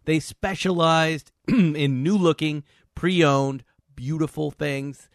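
A man hosting a podcast, chatting casually and reading sponsor ads with lively energy. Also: a little high, slow, no echo, studio quality. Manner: chatty, animated, laughs often. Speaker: podcast host. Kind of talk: casual chat with sponsor read. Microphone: video call.

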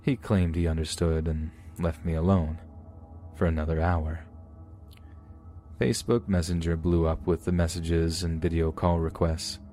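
A man narrating true scary stories in a measured, steady way. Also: low-pitched. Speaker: podcast narrator. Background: faint music.

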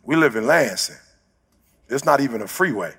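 Male motivational speaker, gravelly and husky, slangy storyteller who shouts his points. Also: medium pitch, lively intonation, normal speed, big-room sound. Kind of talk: storytelling speech.

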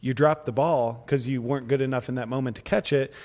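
A man's voice: medium pitch, fairly even intonation, fairly quick, a little mellow, long reverb tail. A man who makes comedy sketches, talking as a guest in a casual chat, laid-back and mocking.

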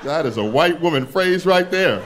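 Punchy, higher-voiced male stand-up comic. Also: lively intonation, normal speed, background noise. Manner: loud, punchy, laughing through his jokes. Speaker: stand-up comedian. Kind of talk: stand-up set. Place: comedy stage before a live audience.

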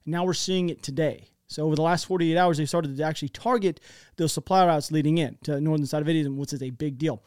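American man, talky map commentator, slightly high voice, dry close sound, rambles and restarts. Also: steady tone, quick pace, a little mellow, smooth, no echo. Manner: rambling, chatty, many restarts. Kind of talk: casual commentary over maps.

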